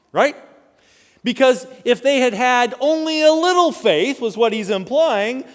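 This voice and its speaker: A man preaching a sermon as pastor, animated and storytelling, often asking the congregation questions. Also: high-pitched. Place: church sanctuary. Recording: long church hall reverb.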